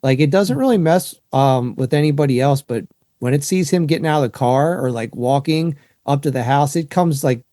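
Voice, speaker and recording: A man's voice: fairly high pitch, moderate pace, mellow, no room sound, studio quality. A man co-hosting a podcast in casual chat, laughing and swearing as he retells family stories. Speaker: podcast co-host.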